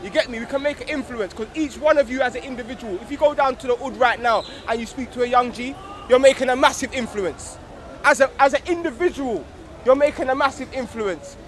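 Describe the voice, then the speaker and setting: A man's voice: very high voice, fairly quick, slight background noise. A young man speaking casually outdoors on a street, full of slang and frequent "you get me". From England. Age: young adult. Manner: slangy, repeats "you get me", grows fervent and loud. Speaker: organiser of a street discussion circle.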